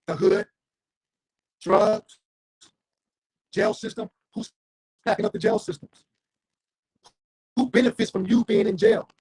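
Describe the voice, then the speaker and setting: A man preaching on the street, his high voice leaping wildly up and down as he reads scripture and calls out to passersby. The tone is husky with a gravelly edge, and the sound is dry and close. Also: sing-song, a little mellow, no echo, poor audio. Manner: preachy call-and-response, frequent "Right?" and "You see?"; reads scripture slowly with big pitch leaps.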